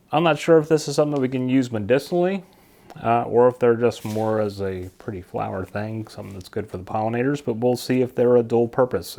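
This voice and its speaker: His mid-range voice is gravelly and warm as this gardening vlogger speaks casually to camera about seeds from his home basement. He rambles along and stumbles whenever he hits a plant name he can't pronounce.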